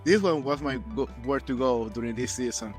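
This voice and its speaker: A man hosting a casual interview, speaking English with a Spanish accent, relaxed and jokey, laughing easily. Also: mid-range voice, a little fast, faint music behind. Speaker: host.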